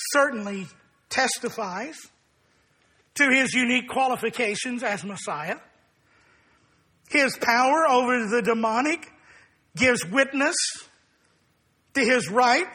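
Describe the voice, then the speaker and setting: Slow, high-voiced husky male preacher. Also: bright, forceful tone. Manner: deliberate, emphatic preaching. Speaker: pastor. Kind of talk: sermon.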